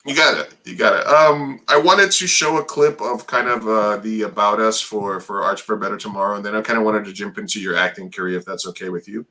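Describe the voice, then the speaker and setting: Male host, bright voice, playful, joking, casual interview. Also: on the low side, steady tone, rough recording. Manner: playful, joking, quick questions.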